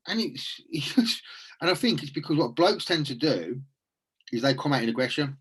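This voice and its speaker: A man's voice: on the high side, animated, normal speed, fairly bright tone, breathy edge. A man hosting a casual, reflective chat, earnest and rambling with frequent restarts.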